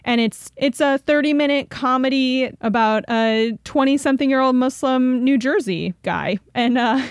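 A woman's voice: high-pitched, moderate pace, few pauses, smooth, no room sound, clean studio sound. A young woman co-hosting a podcast in casual chat, chatty and laughing often, with many "like"s. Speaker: podcast co-host.

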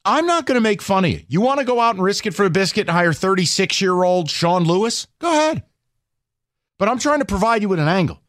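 A man hosting a sports radio show, arguing his case with sarcasm and animated emphasis. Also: high voice, fast talker, hardly any pauses, no echo, studio quality. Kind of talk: heated sports talk radio. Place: radio studio.

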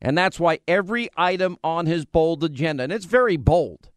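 A man's voice: a little high, moderate pace, dry recording, studio quality. A man hosting a talk radio show, delivering an opinionated, sarcastic monologue. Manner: combative, sarcastic.

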